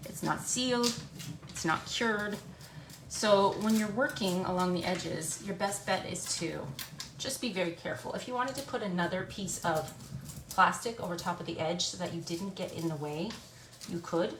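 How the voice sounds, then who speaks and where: A woman's voice: fairly low pitch, moderate pace. Chatty Canadian woman teaching a craft. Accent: English Canadian. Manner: chatty, talks through each step while working. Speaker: furniture painting demonstrator. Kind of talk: live craft tutorial. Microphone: camera on a stand. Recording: echoey room with background noise.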